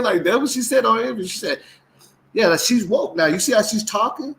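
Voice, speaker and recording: High-pitched man in animated casual chat. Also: a little fast, gravelly, rough recording. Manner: animated, acts out quotes in mimicking voices. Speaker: co-host.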